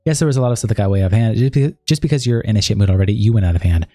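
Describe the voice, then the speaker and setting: Fast-reading man with a dark voice. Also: lowish voice, no room sound, clean studio sound. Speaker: livestream host. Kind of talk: reading text messages and statements aloud on a livestream.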